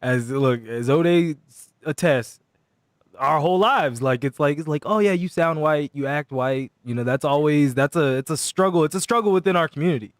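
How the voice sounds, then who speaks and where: A man's voice: fairly high pitch, moderate pace, no room sound, studio quality. A man co-hosting a live sports talk show, bantering in a joking, playful way. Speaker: show co-host. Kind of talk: casual live show chat.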